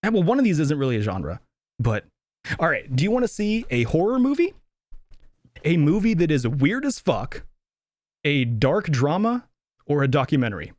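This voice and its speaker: A young man talks casually on a podcast, rambling and laughing, with loose swearing. His voice sits a bit high for a man. The sound is dry and close. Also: very animated, normal speed, pauses often, darkish tone, dry recording. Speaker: podcast co-host. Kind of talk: casual movie review chat.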